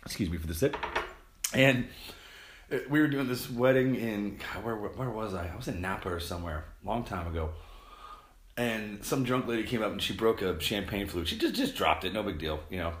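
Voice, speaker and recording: A middle-aged man rambling casually to camera at home, telling stories in an animated, swearing way. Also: on the low side, moderate pace. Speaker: vlogger. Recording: roomy echo.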